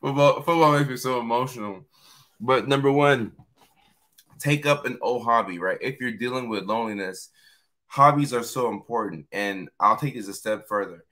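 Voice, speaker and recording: Hoarse, bright-voiced man. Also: on the low side, moderate pace. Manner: chatty, reads out viewer comments. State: hoarse from yelling. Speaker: host. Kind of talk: casual live-stream talk.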